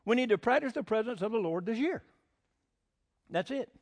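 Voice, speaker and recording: A man's voice: extremely high pitch, lively intonation, moderate pace. An older man preaching a folksy sermon as pastor, mixing homespun jokes with emphatic preaching. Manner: homespun, jokey asides, rising to emphatic preaching.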